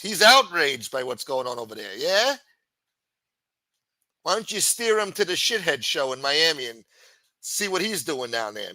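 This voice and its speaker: A man's voice: medium pitch, pushed and bright, no room sound, low-quality recording. Profane, sarcastic ranting man. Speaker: livestream host. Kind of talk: ranting livestream commentary.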